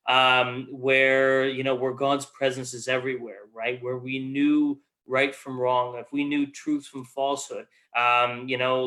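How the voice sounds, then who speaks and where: A man's voice: medium pitch, sharp tone. A man who is a guest speaker, offering reflective closing words in a thoughtful, searching way. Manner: thoughtful, searching, heavy with "you know".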